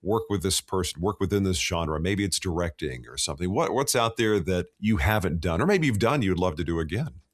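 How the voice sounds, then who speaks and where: A man with a deep, low voice hosts a casual interview podcast. He asks enthusiastic questions that ramble, stop and restart. His tone stays conversational and friendly. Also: lively intonation, a little fast, hardly any pauses. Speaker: podcast host.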